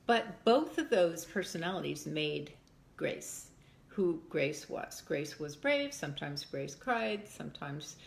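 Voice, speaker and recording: An older woman, a mother, reminiscing in an interview with lively storytelling that acts out voices. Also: sits low, slow pace, vocal fry. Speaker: mother of a former child actor. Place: home in Texas.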